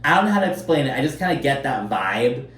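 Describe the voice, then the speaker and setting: A man's voice: medium pitch, sing-song, quick pace, fairly bright tone. A man casually recapping a reality show, chatty and sarcastic, full of fillers and swearing. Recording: roomy echo, slightly distant mic, faint background noise.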